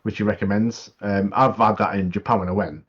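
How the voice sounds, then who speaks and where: A man's voice: fairly low pitch, fairly even intonation, a little fast, breathy edge. A man co-hosting a casual podcast about anime, laid-back and enthusiastic. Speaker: podcast co-host. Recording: dull, muffled mic sound.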